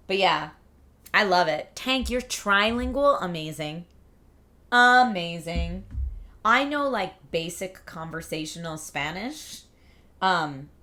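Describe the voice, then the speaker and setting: A woman's voice: lowish voice, fairly bright tone. A woman hosting a livestream, chatting casually and reading out viewer comments in an upbeat, rambling way. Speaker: livestream host.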